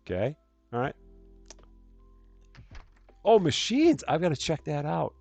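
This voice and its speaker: A man hosts a live stream of a store-running game, chatting casually, reading out jokes and greeting viewers in chat. His voice is fairly high, very animated, gravelly and darkish, and he takes it slowly. Soft music plays in the background.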